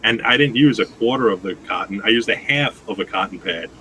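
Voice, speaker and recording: A man with a bright, forceful voice hosts a relaxed chat and rambles through stories, swearing freely. A faint hiss of noise sits under him in the room. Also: lowish voice, a little fast, poor audio. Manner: rambling, profane storytelling. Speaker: host. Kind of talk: casual chat.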